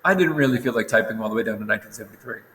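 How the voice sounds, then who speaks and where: Man, young adult, tired, casual rambling teacher, bright tone, reverberant room. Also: on the low side, expressive, racing, slight background noise. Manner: casual, rambling, self-correcting. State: tired, yawning. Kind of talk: recorded lesson walkthrough. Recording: roomy echo with long reverb.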